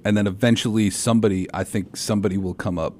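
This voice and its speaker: A man co-hosting a casual talk show and giving quick, joking opinions. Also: on the low side, fairly even intonation, darkish tone, a little hiss or hum. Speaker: podcast co-host. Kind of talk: casual wrestling chat.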